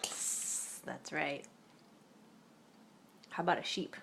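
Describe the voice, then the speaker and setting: A mother speaking to her toddler at lunch at home, asking gentle questions and making playful animal noises to coax the child along. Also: fairly low pitch, slow, slight background noise. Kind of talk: coaxing a toddler to make animal sounds.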